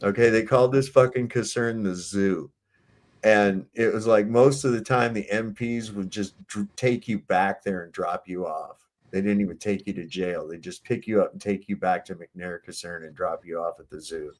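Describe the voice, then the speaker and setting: A man's voice: low voice, fairly even intonation, moderate pace. Profane, rambling male storyteller. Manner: rambling, profane, frequent restarts. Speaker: military veteran telling stories on a panel. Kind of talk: casual storytelling chat.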